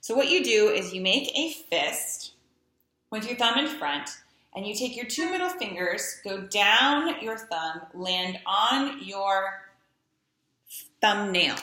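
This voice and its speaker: A woman's voice: medium pitch, expressive, unhurried, bright, forceful tone, echoey room. A woman string teacher explaining and demonstrating posture games for young learners, chanting drills patiently.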